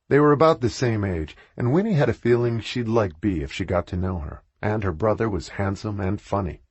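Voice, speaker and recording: Husky male audiobook narrator, low and animated, dry close sound. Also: moderate pace, hardly any pauses, no room sound, muffled recording.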